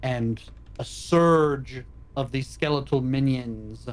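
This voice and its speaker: A man's voice: medium pitch, slow pace. Man narrating a tabletop game. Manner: calm, descriptive narration. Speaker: dungeon master. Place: online voice call.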